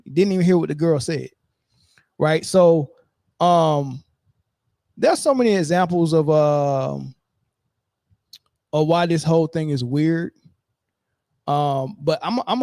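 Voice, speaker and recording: Male podcast host, emphatic and repetitive, mellow tone, dry close sound. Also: fairly high pitch, creaky, no echo. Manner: emphatic, repeats himself, keeps asking "right?". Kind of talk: casual commentary.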